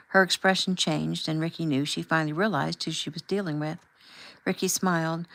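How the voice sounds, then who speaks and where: Woman, audiobook narrator, even clear storytelling, low voice. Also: moderate pace. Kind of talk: scripted narration.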